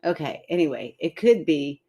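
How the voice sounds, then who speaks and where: A woman's voice: low voice, lively intonation, moderate pace, mellow, a little hiss or hum. A woman co-hosting a podcast in casual chat, playful and often breaking into laughter. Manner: giggly, playful, given to fits of laughter. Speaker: podcast co-host.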